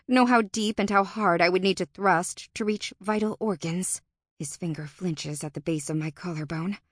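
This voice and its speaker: A woman narrating a first-person fantasy audiobook in an expressive, tense and dramatic manner. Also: mid-range voice, no room sound, clean studio sound.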